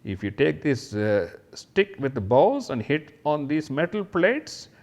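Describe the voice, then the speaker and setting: A man teaching kindergarten children, talking straight to them about letters and toys in a slow, sing-song way and imitating sounds. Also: on the high side, big pitch swings, darkish tone.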